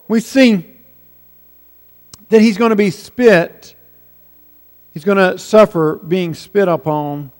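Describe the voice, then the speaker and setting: A man preaching a sermon, slow and deliberate, letting key words fall quiet for weight. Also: high-pitched. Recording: long hall reverb.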